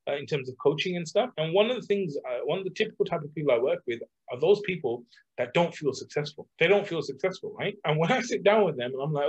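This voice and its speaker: A middle-aged man, a coach, talking casually about self-love with lots of fillers and lively examples. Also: on the high side, fast, breathy edge. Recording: dull lo-fi sound.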